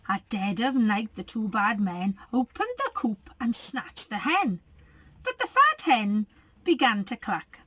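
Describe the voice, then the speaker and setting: Storyteller reading aloud to kids, high animated voice, unhurried. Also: female voice, husky, dry recording, rough recording. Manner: expressive, chatty asides. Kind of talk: reading a picture book aloud to children.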